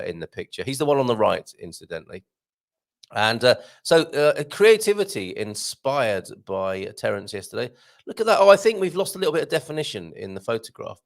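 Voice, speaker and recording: A man's voice: fairly low pitch, gravelly. A man hosting a live stream, chatting with viewers in a giggly, rambling way with plenty of ums. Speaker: host.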